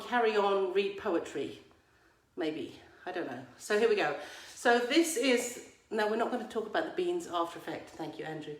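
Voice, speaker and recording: English woman, vlogging at home, playful teacherly asides, mid pitch, phone at arm's length, echoey room. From England. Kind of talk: casual chat to viewers. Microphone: phone camera held at arm's length.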